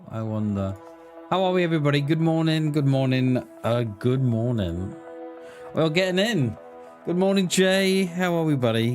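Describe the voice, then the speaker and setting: Playing a survival game on stream, this man speaks in a mid-range, slightly mellow voice. He chats casually with his audience, says hello to viewers by name, and voices his thoughts as he goes.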